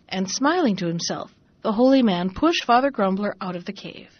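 A woman hosting a story show, reading a fairy tale aloud in a calm, measured way, in a dull lo-fi recording. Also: medium pitch, no room sound. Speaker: storyteller host.

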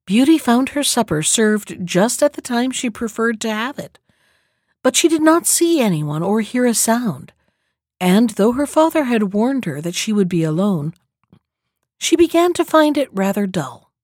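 A woman reading a fairy tale aloud in a calm, measured storybook manner. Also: a little high, dry recording, studio quality.

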